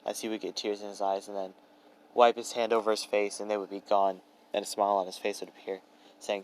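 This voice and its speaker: A young man telling an improvised fan story, rambling along with many fillers and restarts. His voice is low, and faint noise hums behind him. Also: flat delivery, fairly quick, low-quality recording. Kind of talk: improvised fan-fiction narration.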